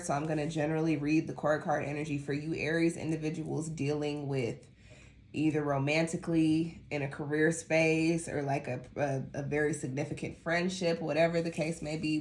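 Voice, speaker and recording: A woman's voice: low voice, fairly even intonation, moderate pace, a little mellow. A woman giving a casual monthly tarot reading to her viewers, chatty and rambling, with a stuffy nose from allergies. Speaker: tarot reader.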